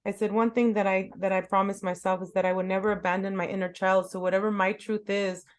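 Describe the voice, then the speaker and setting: A woman's voice: mid-range voice, little pitch movement, fast talker. A middle-aged woman hosting a casual chat interview, talking emphatically and repeating words for stress. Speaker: host.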